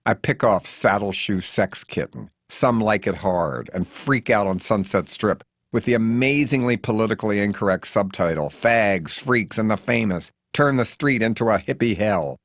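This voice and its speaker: A man reading his own memoir as an audiobook in a wry, deadpan way. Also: fairly low pitch, moderate pace, hardly any pauses, no echo, studio quality. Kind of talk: audiobook narration.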